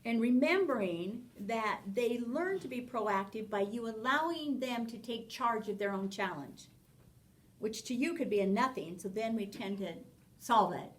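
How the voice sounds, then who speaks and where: A woman teaching a parenting class, lively, acting out short exchanges with children as she explains. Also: fairly high pitch, unhurried, far from the mic, poor audio. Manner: animated, acts out little dialogues with children. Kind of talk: spoken class lecture.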